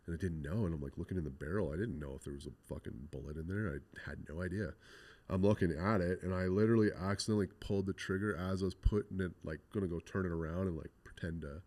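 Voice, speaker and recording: A young man from Canada with a very low, deep voice talks through a hard story from his past. He rambles, swears freely and leans on "like" and "you know" as he goes. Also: quick pace, a little mellow. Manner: rambling, swears often, full of "like". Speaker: podcast guest. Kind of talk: casual storytelling interview.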